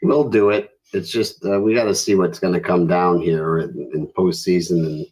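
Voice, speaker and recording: A man with a very deep voice chats on a casual sports podcast. He keeps his remarks short and calm. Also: normal speed, rough recording. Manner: calm, brief interjections. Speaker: podcast co-host.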